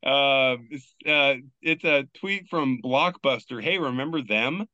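Bright, crisp-voiced man hosting a podcast. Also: mid-range voice, takes it slowly, no echo, highs cut off. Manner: loose, joking, swears freely. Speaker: podcast host. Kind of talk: casual chat, reading memes aloud.

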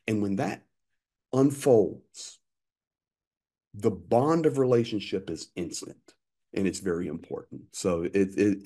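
A man in his fifties, an interview guest telling lively anecdotes with frequent restarts. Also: fairly low pitch. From United States. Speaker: interview guest, aid worker. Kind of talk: conversational storytelling.

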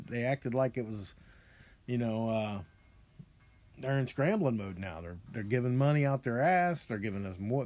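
A man's voice: mid-range voice, warm tone. Profane ranting man. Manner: profane, ranting, frequent restarts. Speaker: podcast host. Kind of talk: rambling opinion monologue.

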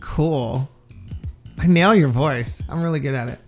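A man's voice: on the high side, unhurried, faint music behind. Joking male podcast co-host. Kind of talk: casual comedic banter.

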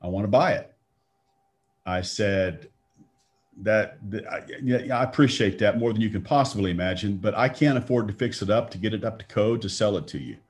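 A middle-aged Texan man with a lowish voice talks a little fast as he tells a personal faith story conversationally, acting out the quoted lines.

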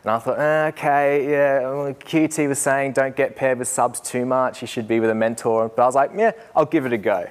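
A young man, a student teacher telling a lively story to a group and laughing as he goes. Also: mid-range voice, brisk, few pauses, smooth. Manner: animated, laughing, acts out voices in anecdotes. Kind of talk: storytelling talk.

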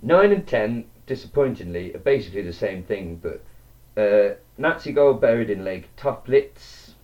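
Male podcast co-host, low and lively voice, sweary and jokey, distant dull recording. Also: moderate pace. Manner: sweary, jokey, laughs often. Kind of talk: casual podcast banter. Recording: distant mic, dull lo-fi sound.

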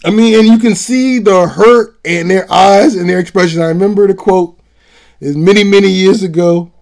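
Male show host, slightly higher-pitched voice, blunt and profane, hammering his points in a solo commentary. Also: normal speed, vocal fry, darkish tone. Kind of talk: political commentary monologue.

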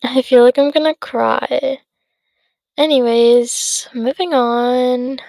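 A woman's voice: sits high, steady tone, slow, creaky, darkish tone, dry recording. An eighteen-year-old woman chatting on her solo podcast, rambling with many fillers and sounding tired and yawny. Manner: rambling, lots of fillers and self-interruptions. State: tired, yawning. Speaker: podcast host. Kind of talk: casual solo podcast chat.

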